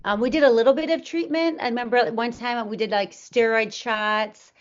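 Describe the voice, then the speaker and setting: A woman's voice: a little high, fairly even intonation, brisk. A woman being interviewed, telling her personal story earnestly, with many fillers and restarts. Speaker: interview guest. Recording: dull lo-fi audio.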